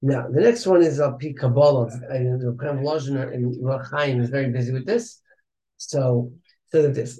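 A man's voice: mid-range voice, normal speed, mellow. Man teaching a study class, echoey room. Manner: chants Hebrew passages in Ashkenazi pronunciation, then explains them in English. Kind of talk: casual study-class explanation.

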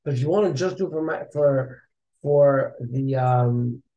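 A man's voice: medium pitch, unhurried, dark tone, dull audio. A man teaching a casual study class. He chants Hebrew passages in Ashkenazi pronunciation, then explains them in English. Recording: echoey room.

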